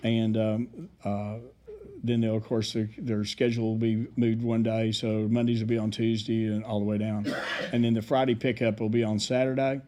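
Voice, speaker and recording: Mellow-voiced man giving a council report. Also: lowish voice, level tone, moderate pace, a little hiss or hum. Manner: rambling, hesitant, many fillers. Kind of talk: public meeting report.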